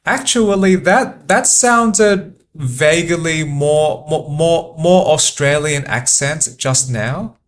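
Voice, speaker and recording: A man giving relaxed gameplay commentary, thinking aloud in a halting way and repeating words often. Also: fairly high pitch. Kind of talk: relaxed let's-play commentary.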